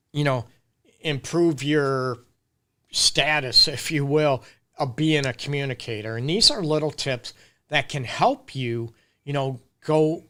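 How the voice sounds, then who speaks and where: A man's voice: mid-range voice, a bit bright. A middle-aged man, hosting a casual live-stream Q&A as a relationship counselor and talking straight to his viewers. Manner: casual, emphatic, addresses viewers directly. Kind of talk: live-stream advice talk.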